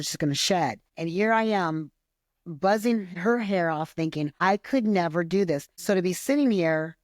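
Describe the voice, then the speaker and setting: Candid woman with a lowish voice. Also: no echo, clean studio sound. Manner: candid and personal. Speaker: podcast co-host. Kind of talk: casual chat.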